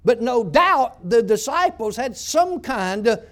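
A male pastor preaching a sermon, telling stories and building up to loud shouts. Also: very high voice, sing-song, slow pace.

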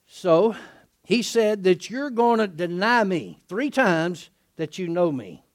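A middle-aged man preaching a lively sermon in a folksy way. He laughs often, asks his listeners "isn't that right?" and acts out the people in the passage he is reading. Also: sits high, takes it slowly. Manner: animated, folksy, laughing often, acting out quotes.

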